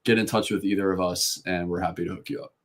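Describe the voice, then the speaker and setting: A man's voice: deep voice, fairly even intonation, quick pace. A man from the Boston area co-hosting a live sports show, easygoing and chatty, reading out viewer donations. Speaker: co-host. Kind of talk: casual live show chat.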